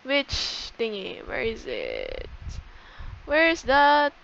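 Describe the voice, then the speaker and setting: A young woman with a high voice talks casually through a game tour, chatty and excitable, often breaking off to correct herself. The recording is dull and lo-fi, like a cheap home mic. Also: very slow, vocal fry. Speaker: gaming YouTuber.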